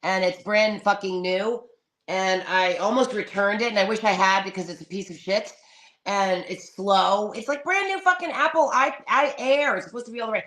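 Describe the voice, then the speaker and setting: A woman chatting on her live stream in a dramatic, foul-mouthed way, calling everyone darling. Her voice has a crisp, bright edge. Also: medium pitch, normal speed. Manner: dramatic, swears freely, calls people darling. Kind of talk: casual live-stream chat.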